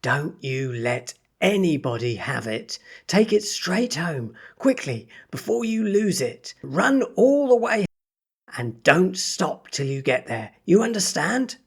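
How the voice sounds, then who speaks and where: A man voicing a fat, jolly male shopkeeper who gets loud and excitable. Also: measured pace, gravelly, hardly any pauses, exaggerated voice. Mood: kindly. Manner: loud excited shouting, pitched high.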